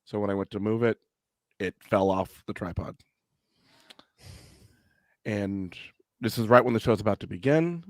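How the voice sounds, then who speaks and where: Man, podcast co-host, low voice, matter-of-fact, dry sound. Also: moderate pace, long pauses, darkish tone, dry recording. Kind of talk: casual podcast chat.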